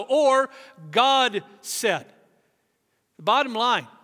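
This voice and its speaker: A middle-aged man preaching a sermon as pastor, emphatic, stretching key phrases slowly. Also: sits high, bright, forceful tone. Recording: long reverb of a large hall.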